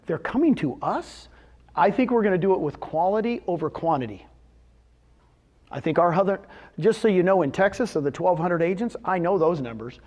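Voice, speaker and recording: At a real estate seminar, a man with a fairly high, slightly mellow, husky voice addresses a live audience in a motivational talk. His intonation is lively, his speed normal, and he pauses often while animatedly telling success stories and firing rhetorical questions at the crowd. The sound is lo-fi.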